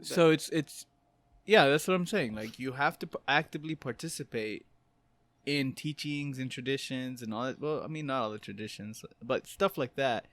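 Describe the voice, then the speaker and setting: A man chatting loosely on a podcast, laughing as he goes and dropping casual swears. His voice sits at an everyday pitch, and the sound is close and dry with no room echo. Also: moderate pace, fairly bright tone. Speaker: podcast co-host. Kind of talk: casual chat.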